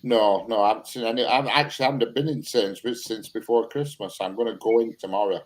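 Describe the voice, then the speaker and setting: A man's voice: on the low side, steady tone, fast. Chatty man on a video call. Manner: chatty, laughing, swears freely. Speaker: live stream panel guest. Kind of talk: casual banter.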